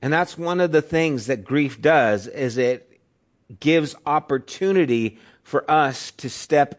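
Casting note: middle-aged male pastor, mid-pitched voice, relaxed storytelling sermon delivery. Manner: conversational storytelling, acts out quotes in raised voice.

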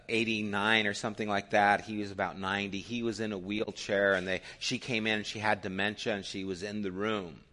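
Bright-voiced man preaching with urgent passion. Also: medium pitch. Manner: swings from loud passionate urging to hushed near-whispers. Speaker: pastor. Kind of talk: sermon.

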